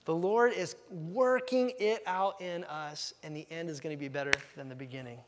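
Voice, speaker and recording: A man preaching a sermon as pastor, lively and acting out quoted thoughts with big jumps in voice. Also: normal speed, in a large hall. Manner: animated, acts out quotes with big pitch jumps.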